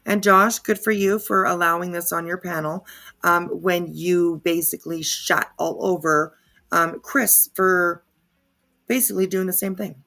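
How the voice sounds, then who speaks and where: Sarcastic woman with a bright, sharp voice. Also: fairly low pitch, steady tone, measured pace. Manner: sarcastic, opinionated. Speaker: commentary channel host. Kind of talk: reaction commentary.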